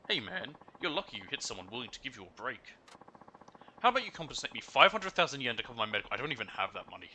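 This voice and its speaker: A man reading as a smug con man in a crime game who fakes an injury, oily and wheedling as he talks. The voice is bright and animated. A faint hum sits in the background. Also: medium pitch, very fast, voice pushed up, rough recording.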